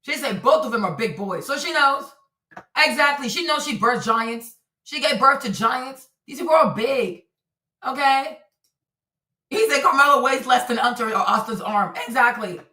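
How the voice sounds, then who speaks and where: A woman streamer gives animated, repetitive livestream commentary at normal speed, talking to her audience in a high-sitting voice. She's recorded from a distance in an echoey room, a bit off-mic.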